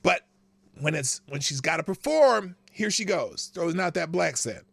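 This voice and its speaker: A man's voice: fairly high pitch, lively intonation, moderate pace, gravelly, fairly bright tone, slightly rough, no echo. A man hosting a political commentary show, sarcastic and given to laughing asides. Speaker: host.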